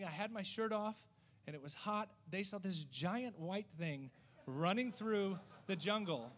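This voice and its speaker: A man, a missionary, telling a story in a lively way and acting out the voices of the people in it. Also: high voice. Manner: lively, acts out quoted voices. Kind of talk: storytelling testimony.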